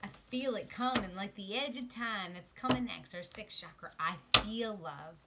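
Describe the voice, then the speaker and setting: A woman giving a spiritual tarot reading to her viewers, emotional, shifting from quiet murmurs to excited exclamations. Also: medium pitch, moderate pace, very noisy. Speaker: tarot card reader. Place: outdoors.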